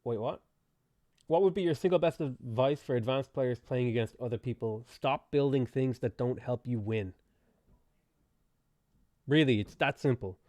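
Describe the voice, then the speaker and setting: A man's voice: mid-range voice, moderate pace, pauses often, darkish tone, dry recording. Guy streaming a strategy game, chatty and jokey, answers chat, dry close mic sound. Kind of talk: live game stream commentary.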